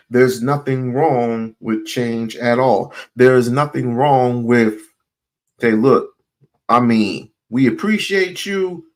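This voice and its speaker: A man hosting a livestream, talking loosely and bluntly, swearing and repeating his points. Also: mid-range voice. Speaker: livestream host. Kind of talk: casual livestream talk.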